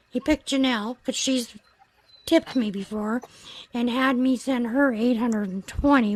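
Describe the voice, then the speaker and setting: Higher-voiced woman telling a story. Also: poor audio. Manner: earnest, reflective recounting. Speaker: livestream host. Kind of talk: casual storytelling.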